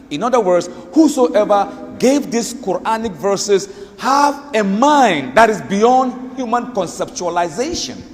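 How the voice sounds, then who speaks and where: A male preacher delivering an emphatic sermon, swinging between plain talk and rapid Quran recitation. His voice is high for a man and highly animated in pitch. Long reverb trails behind him, as in a large hall. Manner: animated, emphatic, rhetorical questions. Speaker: Islamic preacher.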